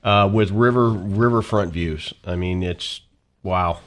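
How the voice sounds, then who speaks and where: A man on a radio real estate show describing listings in a relaxed, folksy way. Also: low-pitched, slow. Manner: relaxed, folksy sales talk. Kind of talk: casual radio talk show.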